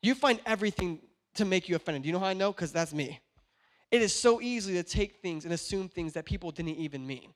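A young man preaches in a high voice to his church. He talks earnestly, then swells into passionate, shouted preaching. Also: animated, fairly quick. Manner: builds from quiet earnest talk to passionate shouting. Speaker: pastor. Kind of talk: sermon.

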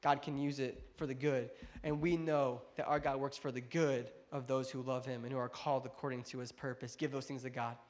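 A man's voice: little pitch movement, brisk, few pauses. Man preaching a storytelling sermon. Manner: preaching that swells to loud, high-pitched climaxes then drops soft and low; conversational asides and jokes to the congregation. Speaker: pastor.

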